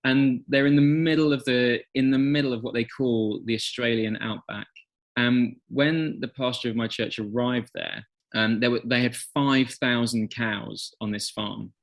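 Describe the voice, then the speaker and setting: An English man in middle age, speaking as a podcast guest in relaxed conversation. He tells stories and acts out quotes with energy, his voice sitting at an ordinary pitch for a man. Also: a little slow, gravelly. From England. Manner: animated storyteller, acts out quotes. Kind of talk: conversational interview.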